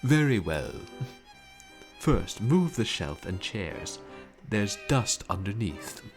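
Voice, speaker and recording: A man's voice: lowish voice, very animated. A man doing a haughty, bossy rich pigeon. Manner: curt, commanding, slow orders. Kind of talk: reading a dating sim aloud. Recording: game music behind the voice.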